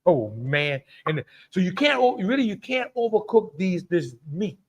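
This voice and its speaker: A man's voice: high voice, sing-song, unhurried, noisy background. A middle-aged man hosts a live cooking stream in a chatty way, greeting viewers by name and laughing often. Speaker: cooking show host.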